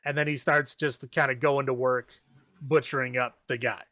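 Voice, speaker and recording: A man's voice: mid-range voice, little pitch movement, normal speed, pushed and bright, no room sound, clean studio sound. A man casually recapping a horror movie on a podcast, rambling, laughing often and acting out the characters' lines. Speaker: podcast co-host.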